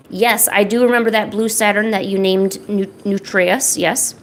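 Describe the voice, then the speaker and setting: Painting live for her stream, a young woman rambles chattily to her viewers, addressing the chat and a pet along the way. Her mid-range voice comes with a little hiss or hum.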